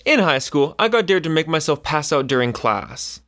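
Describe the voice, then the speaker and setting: A man narrating online stories aloud as a scripted reading. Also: moderate pace. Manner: animated storytelling with swinging pitch.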